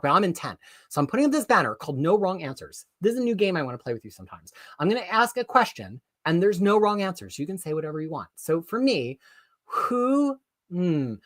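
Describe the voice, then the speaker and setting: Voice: medium pitch, fairly quick. Chatty live-stream host reading viewer comments. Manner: chatty and excitable, rambling with self-corrections.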